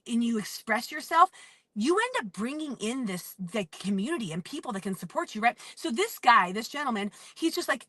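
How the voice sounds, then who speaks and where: Bright, animated woman telling a story. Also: a little high, no room sound. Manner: animated, acts out quotes, emphatic. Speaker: motivational speaker. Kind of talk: storytelling monologue.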